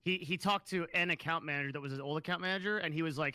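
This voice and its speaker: Bright-voiced male co-host, earnest and rambling, dry close mic. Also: fairly high pitch, very fast, clear, resonant tone, no room sound. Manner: earnest, uses many fillers. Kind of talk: casual podcast chat.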